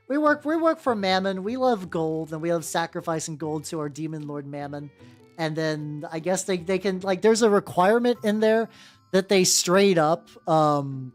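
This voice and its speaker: A woman's voice: on the low side, a little mellow. A woman streamer chatting casually while painting miniatures, rambling and swearing, with lots of fillers and restarts.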